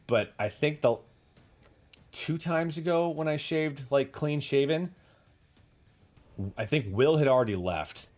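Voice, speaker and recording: A man hosting a casual livestream chat, telling rambling stories with casual swearing and answering viewer comments. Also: medium pitch. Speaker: podcast host.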